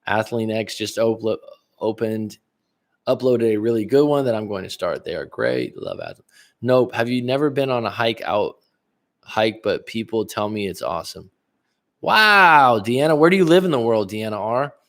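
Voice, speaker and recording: Casual low-voiced male livestream coach. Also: lively intonation, normal speed, a bit bright. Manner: casual, rambling, many restarts, answers chat aloud. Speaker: relationship coach. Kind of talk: livestream chat reading viewer comments. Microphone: livestream webcam.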